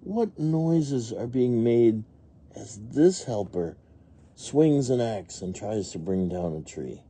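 Here a man with a mid-range, mellow voice and a breathy edge narrates a children's picture book slowly, his intonation lively. He asks the kids questions and playfully makes animal and machine sounds.

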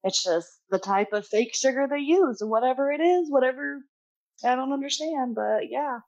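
A woman's voice: high voice, moderate pace, darkish tone, dull audio. A young adult woman, a pastry chef guest, chatting casually and laughing easily while she tells family stories. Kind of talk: casual chat.

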